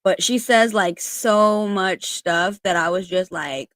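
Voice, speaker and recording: A woman's voice: medium pitch, takes it slowly, a bit bright, dry recording. A woman chatting casually and reading aloud, with lots of fillers and casual swearing. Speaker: spiritual content creator.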